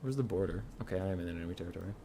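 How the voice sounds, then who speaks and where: A man streams a strategy game, his low voice rapid-fire against a noisy background. He's laid-back, joking around with friends and laughing often in casual gaming chat.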